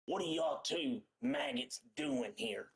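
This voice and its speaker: A man voicing a gruff male crocodile pirate who barks orders at rowing prisoners in a tabletop game. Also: on the high side, wildly swooping pitch, takes it slowly, a bit bright, full character voice. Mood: barking. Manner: barking, sneering orders.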